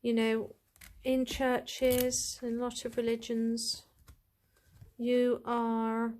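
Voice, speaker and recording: A woman's voice: a little high, completely flat delivery, drawn-out words, darkish tone. A woman chatting to camera as she reviews a tarot deck, gushing, rambling and full of asides.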